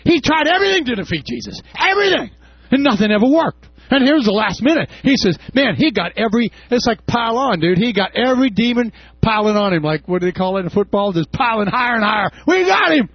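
A man preaching a sermon, impassioned, with shouted peaks and casual asides. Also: sits high, animated, fast talker, few pauses, slightly rough, dry recording. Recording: dull lo-fi sound.

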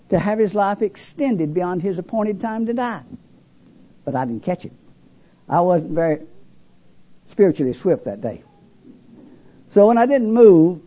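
An older man preaches a testimony in a husky, fairly high voice that leaps and drops dramatically. His tone is dark and mellow under the emphasis. The recording is dull and lo-fi. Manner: dramatic, swinging between loud emphasis and hushed lows. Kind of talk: sermon testimony.

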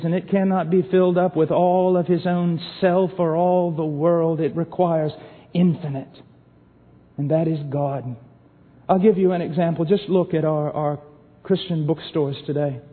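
Male preacher with a high voice, fiery sermon delivery from hush to shout, tinny recording in an echoing hall. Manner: impassioned, swinging from hushed to shouting.

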